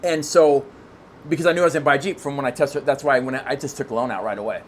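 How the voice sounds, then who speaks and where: A man who is a guest on a podcast, telling a long story in casual chat, excitable and rambling, with lots of restarts. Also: medium pitch, racing, slight background noise.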